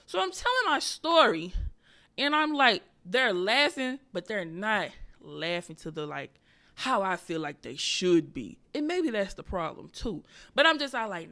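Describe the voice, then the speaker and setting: A woman comedian hosts her own podcast and talks through her story in a loose, profane monologue. Her voice is bright and forceful. She jumps from loud, punchy bursts to quiet, muttered side remarks. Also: a little slow. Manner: profane, animated, switches between loud bursts and low muttering.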